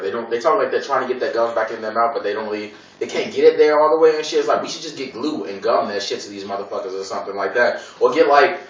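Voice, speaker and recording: Casting: male stand-up comic from Gary, Indiana, high and bright voice, profane and rambling, recorded in an echoey room. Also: distant mic, highs cut off. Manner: loose, profane, digressive storytelling with exaggerated voices. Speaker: stand-up comedian. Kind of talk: stand-up comedy routine.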